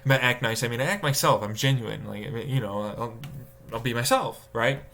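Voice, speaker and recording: Exasperated streamer man, bright voice. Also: moderate pace, gravelly, slight background noise. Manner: exasperated, swearing, mocking voices with sudden high outbursts. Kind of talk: casual live-stream rant.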